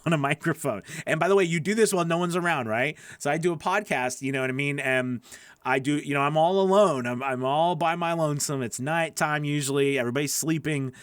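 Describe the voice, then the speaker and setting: Man, voice-over coach, chatty, encouraging, fairly high voice, dry close studio mic. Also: a bit bright, no echo. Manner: chatty and encouraging, answers viewer questions. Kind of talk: live-stream Q&A teaching. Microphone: studio microphone.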